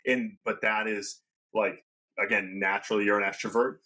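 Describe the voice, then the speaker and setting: A man hosting a podcast, chatting casually and affirming his guest with drawn-out remarks. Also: lowish voice, level tone, bright, forceful tone. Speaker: podcast host.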